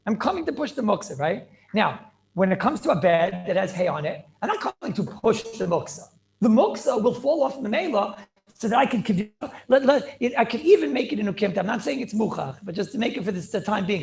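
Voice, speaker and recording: Over a video call, a rabbi with a high-sitting male voice teaches a Talmudic class, repeating phrases and checking in with "right?" and "clear?"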